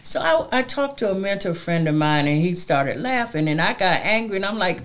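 A woman's voice: on the low side, expressive, normal speed. A middle-aged woman speaking as an interview guest, emphatic and heartfelt with a preacherly cadence. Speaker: community advocate guest. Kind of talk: interview conversation.

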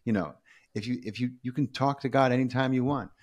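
A man talking as a podcast guest, telling stories in a lively, casual way that is full of restarts and the odd swear word. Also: medium pitch, a little fast. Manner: animated storyteller, frequent restarts, casual swearing. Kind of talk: casual conversation.

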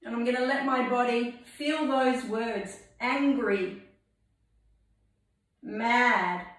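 Slow, calm woman teacher in an echoey room. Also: fairly high pitch, far from the mic. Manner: calm, step-by-step instructions. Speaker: English teacher. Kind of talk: guided movement lesson. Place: library room.

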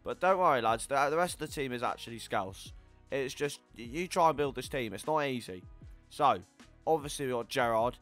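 An eighteen-year-old man giving casual gameplay commentary, chatty and swearing, yelling at the game. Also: mid-range voice, expressive, brisk, over music. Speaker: gaming YouTuber.

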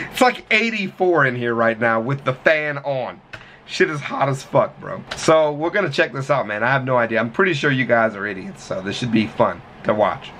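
A man's voice: medium pitch, lively intonation, a little slow, a bit bright, a little hiss or hum. A man hosting a reaction video, talking in a profane, joking way from a hot room at home. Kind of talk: casual commentary.

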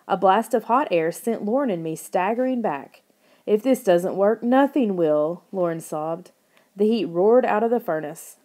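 A woman reading a story aloud as audiobook narration, in an expressive telling voice. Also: lowish voice. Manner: expressive reading, raises her voice for characters' lines.

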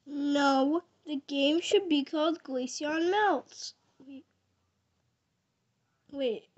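Woman playing whiny sleepy glaceon, high pitched, slow, dull lo-fi audio. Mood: arguing. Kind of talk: fan voice skit.

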